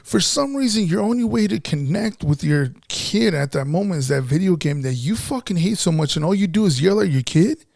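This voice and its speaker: A man with a fairly high, gravelly voice, co-hosting a podcast as casual chat. He talks bluntly and sounds frustrated, swearing all the time. The sound is dry and close. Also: expressive, a little fast, hardly any pauses, darkish tone, no room sound. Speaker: podcast co-host.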